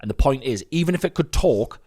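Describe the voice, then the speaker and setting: A male podcast co-host in casual chat, animated, swearing and mocking with put-on voices. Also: mid-range voice, fast talker, husky.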